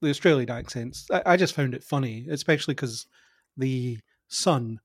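A man's voice: mid-range voice, moderate pace, breathy edge, dry recording, clean studio sound. A man talking as a guest on a film podcast, easygoing and laughing along. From United Kingdom. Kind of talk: casual film podcast chat.

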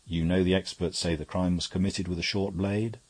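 A man reading as a calm defence counsel. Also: sits low, moderate pace, slightly rough. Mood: probing. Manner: calm, probing.

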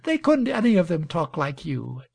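A breathless, coaxing young woman from a read-aloud novel, put on by a man. Her high voice leaps and swoops with excitement, and a gravelly edge creeps in underneath. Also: normal speed, dry recording, heavily acted. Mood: delighted. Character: eager affectionate young woman.

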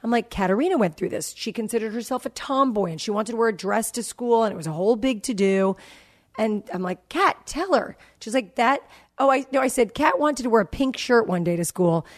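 A woman's voice: fairly high pitch, expressive, brisk. A woman in her forties hosting a podcast, telling a story about her kids in a casual chat and acting out their dialogue. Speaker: podcast host.

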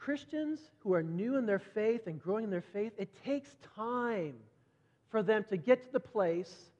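A middle-aged man preaching a sermon conversationally, repeating words as he goes and brightening when he acts out quoted voices. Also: sits high. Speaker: pastor. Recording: dull lo-fi sound with long hall reverb.

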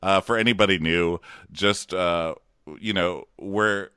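A man's voice: low-pitched, steady tone, measured pace, pushed and bright, smooth, no room sound, clean studio sound. A man co-hosting a podcast from his home office, chatting casually and playfully with lots of laughter and jokey impressions. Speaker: podcast co-host. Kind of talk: casual chat.

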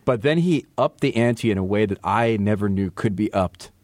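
A man's voice: on the low side, normal speed, no room sound. A man co-hosting a podcast, telling rambling jokey stories in casual chat. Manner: jokey, rambling storyteller with animated impressions. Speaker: podcast co-host.

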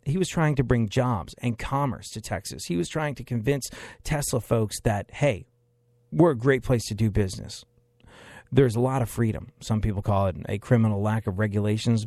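A man's voice: fairly low pitch, vocal fry, warm tone, no echo. Sarcastic male political commentator. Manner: sarcastic, emphatic, repeats phrases for effect.

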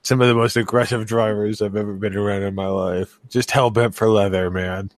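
A man's voice: on the low side, fairly even intonation, a little fast, no echo. A man with a Massachusetts accent, wisecracking bluntly as a podcast co-host. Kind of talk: casual chat.

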